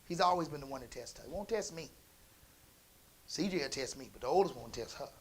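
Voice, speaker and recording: A man's voice: medium pitch, animated, brisk, husky. Folksy preacher man telling a story. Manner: conversational, folksy, swings between soft asides and emphatic bursts. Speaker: pastor. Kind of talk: storytelling sermon.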